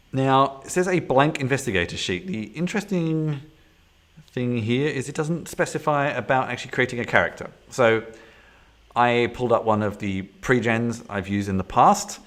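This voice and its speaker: A man's voice: mid-range voice, unhurried, fairly bright tone. A man casually thinking aloud as he sets up a solo tabletop game on a stream, rambling with frequent fillers and restarts. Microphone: desktop setup with camera.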